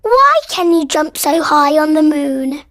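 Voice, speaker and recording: A woman's voice: high-pitched, sing-song, measured pace, a bit bright, no room sound, clean studio sound, exaggerated voice. An actress voicing a cheerful, proud little girl piglet in a cartoon, eager and chirpy. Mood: curious.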